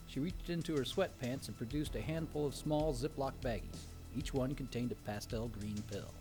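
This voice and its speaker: A man's voice: mid-range voice, normal speed, hardly any pauses, a little mellow, faint music behind. A man narrating a horror story in a wry, dry storytelling manner.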